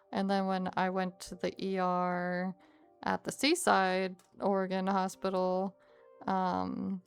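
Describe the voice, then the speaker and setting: A young woman streamer telling a story to her chat in a casual, animated way with frequent laughs. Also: medium pitch, creaky, smooth.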